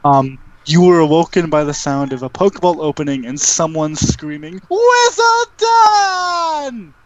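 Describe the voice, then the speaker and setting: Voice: mid-range voice, steady tone, normal speed, darkish tone. Game master for a tabletop game; rambling and hesitant delivery, dull lo-fi sound. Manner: rambling, hesitant, filler-heavy narration.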